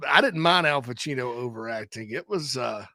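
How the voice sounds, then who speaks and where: Animated man with a gravelly voice. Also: medium pitch, a little fast, dry recording, clean studio sound. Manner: animated, bursts into loud movie-quote impressions. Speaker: podcast co-host. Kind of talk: casual sports podcast chat.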